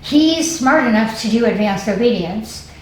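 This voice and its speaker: A woman dog trainer giving a hands-on lesson, explaining calmly and coaxing the dog with upbeat praise. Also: fairly high pitch, normal speed. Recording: distant, echoey, faint noise.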